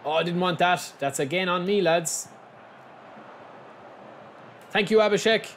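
A man from the giving excitable, frustrated live commentary on a football video game, talking to his viewers as lads. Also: high-pitched, unhurried, a little hiss or hum. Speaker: gaming YouTuber.

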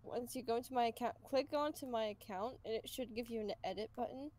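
A woman's voice: on the high side, quick pace, darkish tone. A woman chatting casually over a voice call, loose and rambling with lots of filler. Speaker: friend on voice call. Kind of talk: casual chat.

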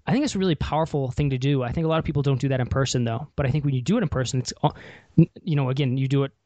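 A man's voice: mid-range voice, very fast, warm tone, no echo. A man hosting a podcast interview, talking in a rambling way with many fillers and restarts. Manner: self-described introvert. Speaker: podcast host. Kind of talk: conversational interview.

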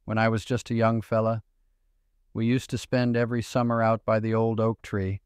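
An old grandfather telling stories from his boyhood , a synthetic male voice acting him out, deep and strikingly flat in tone. He reminisces slowly, in a smooth and clean voice recorded very dry. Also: dry recording. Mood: nostalgic. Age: older. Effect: synthetic text-to-speech voice.

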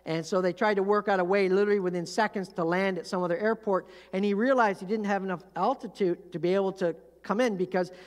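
Pastor preaching in a reverberant hall. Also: mid-range voice. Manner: conversational, storytelling, asks the audience questions. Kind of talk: sermon. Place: church sanctuary.

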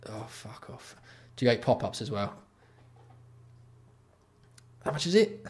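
Male livestream host, exasperated sweary commentary, mid pitch. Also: big pitch swings, fairly quick. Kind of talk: casual live-stream commentary.

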